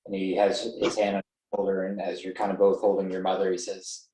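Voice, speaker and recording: A man's voice: deep voice, completely flat delivery, brisk, warm tone, echoey room, poor audio. A man narrating a tabletop game as game master, loose and hesitant with many fillers.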